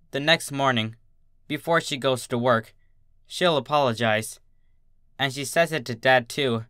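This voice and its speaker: A man reading a dark story aloud in first-person narration, with a halting, tense delivery. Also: medium pitch, clean tone, no echo, clean studio sound. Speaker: fanfiction reader.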